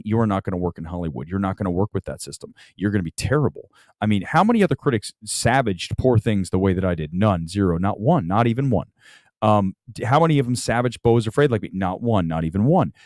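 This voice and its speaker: Man, livestream critic, blunt combative rant, lively swings in pitch, dry close sound. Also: no room sound. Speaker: movie critic and livestream host.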